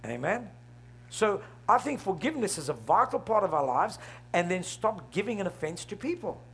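A middle-aged pastor preaches with a husky, high-pitched voice. He keeps throwing questions out to the congregation and laughing with them as he goes. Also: big pitch swings, normal speed, fairly bright tone. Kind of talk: sermon.

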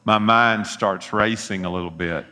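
A man's voice: fairly low pitch, steady tone, unhurried, sharp tone. A middle-aged man, preaching a sermon and telling folksy personal stories with earnest appeals. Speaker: pastor.

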